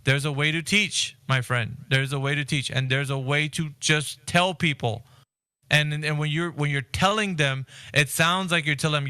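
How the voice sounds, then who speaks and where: A man hosting an online voice chat, talking earnestly and circling back with lots of restarts. His voice is bright and crisp, sitting a bit high for a man, and the sound is dry and close on a headset-style mic. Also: normal speed, no echo. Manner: earnest, rambling with many restarts. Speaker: Discord voice chat host. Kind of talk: casual debate chat.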